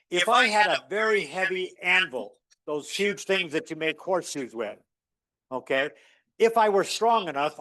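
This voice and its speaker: A middle-aged man teaching a university physics lecture, explaining with stories and demos in an animated storytelling way. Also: no echo. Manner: animated storyteller, acts out dialogue with rising pitch. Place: lecture hall.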